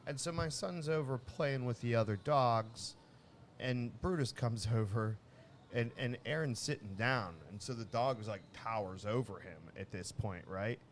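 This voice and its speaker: A man of middling pitch co-hosting a relaxed chat podcast, rambling through stories with frequent false starts. A faint hiss sits under his voice. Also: moderate pace. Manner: rambling, restarts often, animated when telling a story. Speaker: podcast co-host. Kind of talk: casual chat, storytelling.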